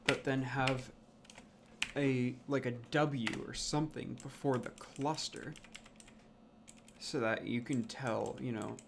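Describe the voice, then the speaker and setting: A man's voice: mid-range voice, steady tone, takes it slowly, vocal fry, noisy background. A man thinking aloud as he builds a language, muttering, swearing and sounding out invented words again and again. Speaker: language creator. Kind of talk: thinking aloud while working.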